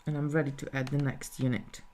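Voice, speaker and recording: A woman's voice: a bass voice, flat delivery, a little fast, darkish tone. A woman talking through a live beading tutorial step by step, thinking aloud as she works. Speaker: jewellery designer teaching beading.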